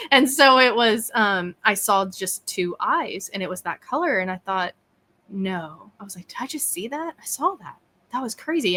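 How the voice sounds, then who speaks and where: Woman on a video call, bright voice, chatty and animated, does the voices when she tells a story. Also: medium pitch. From East Texas. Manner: animated, acts out quoted dialogue. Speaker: podcast host and guest. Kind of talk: casual interview storytelling.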